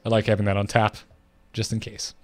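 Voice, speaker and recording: A man's voice: on the low side, completely flat delivery, a little fast, no room sound, clean studio sound. A man co-hosting a casual gaming podcast, chuckling often as he thanks backers and reads listener mail. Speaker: podcast co-host.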